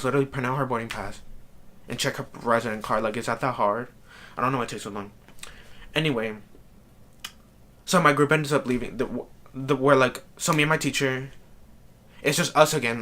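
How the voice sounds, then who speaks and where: A man's voice: mid-range voice, pushed and bright. A man telling a rambling storytime vlog, exasperated and full of "like" fillers. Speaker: vlogger. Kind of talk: casual storytime rant.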